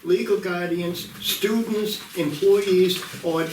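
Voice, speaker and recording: Man chairing a board meeting, slightly high voice, firm, heard from far off in an echoey room. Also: fairly even intonation, slow, background noise. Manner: firm, interjecting to keep order. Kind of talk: meeting discussion.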